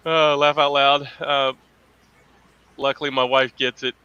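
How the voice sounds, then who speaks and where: A man's voice: on the high side, fairly even intonation, slow pace, pauses often, sharp tone, clean tone, no echo, lo-fi sound. A man chatting casually as a podcast host, telling profane stories and laughing often. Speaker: podcast host, Marine veteran. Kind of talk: casual chat.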